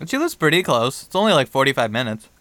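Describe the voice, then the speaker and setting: A young man co-hosting a podcast, telling a story in a casual, animated way and acting out the dialogue. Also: mid-range voice, quick pace. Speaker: podcast co-host.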